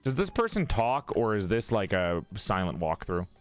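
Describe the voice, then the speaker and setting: A man's voice: lowish voice, sing-song, normal speed, no room sound, faint music behind. A male live streamer in casual chat who laughs, swears, greets his viewers and keeps repeating one line to practice an accent.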